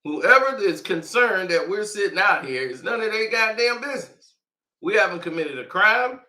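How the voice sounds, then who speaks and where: Bright, high-voiced man in a roomy space. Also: animated, normal speed. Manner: casual, slangy, laughs often between lines. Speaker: commentator. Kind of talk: animated commentary and storytelling.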